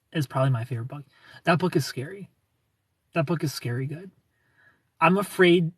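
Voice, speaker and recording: A man's voice: on the high side, fairly bright tone, breathy edge, no room sound. A man in his thirties casually chatting on a livestream, answering viewer comments in a rambling way with restarts and light laughs. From outside the United States. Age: 30s. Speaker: livestream host.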